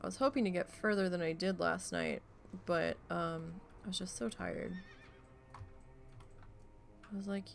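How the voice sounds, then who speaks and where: A woman streamer chatting casually while gaming, rambling and swearing freely as she tells an animated story. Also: lowish voice, a little slow, creaky, long pauses, a little hiss or hum.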